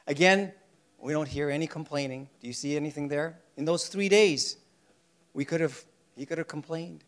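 A man preaching a sermon with animated delivery, sometimes acting out voices from the story. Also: a little high. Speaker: pastor.

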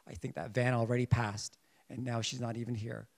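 A man preaches with earnest intent, his medium-pitched, creaky voice flat in delivery and a little fast. He repeatedly restarts sentences as he searches for words, now rising with emphasis, now falling quiet.

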